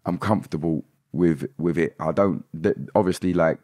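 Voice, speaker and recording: A man's voice: sits low, moderate pace, a little mellow, no room sound, clean studio sound. A young British man, a dancehall artist and podcast guest, telling his story candidly with many restarts and repeated words. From Britain. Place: podcast studio.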